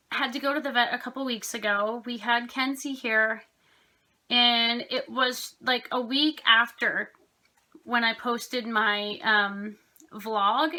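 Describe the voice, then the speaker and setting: A woman's voice: on the high side, bright, forceful tone. A young woman vlogging casually at home, telling rambling stories about her pets with lots of fillers. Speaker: craft vlogger. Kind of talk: casual chatty storytelling.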